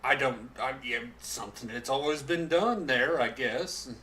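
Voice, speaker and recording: A man's voice: medium pitch, unhurried, sharp tone, slight background noise. A man hosting a casual podcast chat, rambling and stop-start, often restarting his sentences. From living in Oklahoma. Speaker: podcast host.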